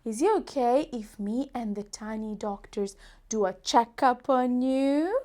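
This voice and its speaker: A woman hosting a preschool lesson as a doctor, speaking gently in a slow, exaggerated, sing-song way. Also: a little high. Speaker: children's show host, doctor.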